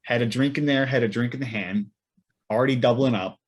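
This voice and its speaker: A man's voice: mid-range voice, a little fast, husky, lo-fi sound. A young man, a podcast co-host, telling a rambling weekend story in casual chat with lots of fillers and restarts.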